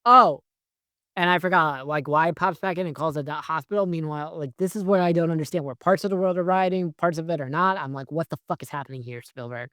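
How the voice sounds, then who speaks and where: Ranting in a film-review vlog, this speaker is sarcastic, exasperated and full of swearing, rambling along with constant "like" and "right?". The voice is medium-pitched, quick, pushed and bright, recorded at studio quality without echo.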